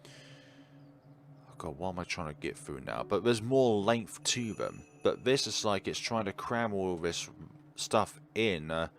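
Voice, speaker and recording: A man's voice: deep voice, lively intonation, slow pace, a little hiss or hum. A man commentating a horror game let's play with chatty, rambling asides. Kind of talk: gameplay commentary.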